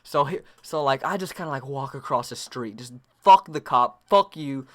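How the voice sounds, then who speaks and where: A man's voice: medium pitch, normal speed, fairly bright tone. A young adult man telling a long, rambling story to camera, full of profanity and fillers. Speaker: vlogger.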